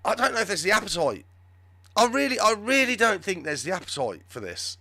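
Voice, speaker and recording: A man's voice: high-pitched, big pitch swings, fairly quick, sharp tone, no echo. A man hosting a live show, giving rambling, sarcastic, off-the-cuff commentary on the news. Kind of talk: live political commentary chat.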